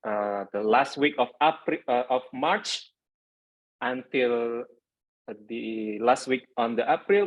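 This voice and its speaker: A man's voice: mid-range voice, lively intonation, a little slow. Man with a muffled online call sound. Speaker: club president. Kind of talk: meeting announcements. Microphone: video call.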